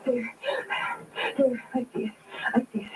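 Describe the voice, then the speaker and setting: A woman's voice: a little high, level tone, unhurried, natural voice. A woman playing a panicky stranded woman. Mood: frightened. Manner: panicky, stammering. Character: frightened woman stranded on a dark road. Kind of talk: old radio drama acting. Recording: noisy old radio recording.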